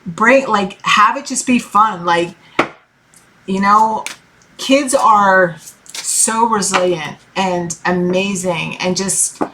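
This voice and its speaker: A tarot reader in her thirties gives a casual reading in a medium-pitched, slow voice over background noise. She's loose and encouraging, with lots of swearing and filler words.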